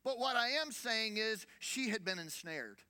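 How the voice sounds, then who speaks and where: High bright-voiced preaching man. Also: expressive, normal speed, smooth. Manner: conversational preaching with rhetorical questions and repetition. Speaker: senior pastor. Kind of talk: sermon.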